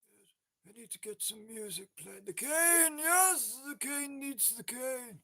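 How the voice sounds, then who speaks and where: A man's voice: extremely high pitch, unhurried, creaky, a bit bright, breathy edge, no room sound, clean studio sound. An older man hosting a livestream in casual chat, repeating words over and over in a chanting way. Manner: repetitive, chanting single words. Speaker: livestream host.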